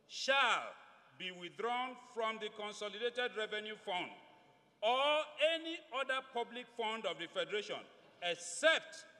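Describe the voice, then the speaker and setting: High-voiced Nigerian lawmaker in an echoing chamber. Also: male voice, pushed and bright. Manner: deliberate, emphatic, stresses key words. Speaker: legislator. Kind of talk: formal parliamentary floor speech. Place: legislative chamber. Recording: long reverb of a large chamber.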